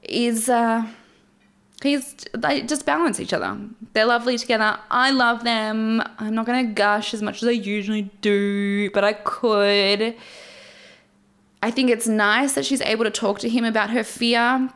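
A woman's voice: on the high side, fairly even intonation, measured pace, fairly bright tone, clean tone. A woman hosting a solo podcast at home, recapping a show in a candid, wry, chatty way with frequent laughs. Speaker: podcast host. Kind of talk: solo casual recap commentary. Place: at home alone with her cats.

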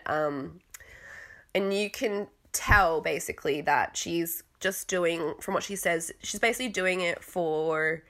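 An Australian woman vlogger with a mixed Australian accent rambles through a casual recap, hesitant and full of fillers, while fighting a cough. Her voice is fairly low and a bit bright, and she takes it slowly.

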